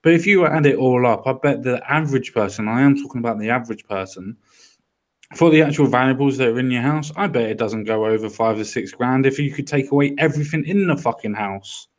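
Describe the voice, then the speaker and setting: Brief: male co-host, mid-pitched, blunt, sweary, ranting commentary. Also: quick pace. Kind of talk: casual commentary chat.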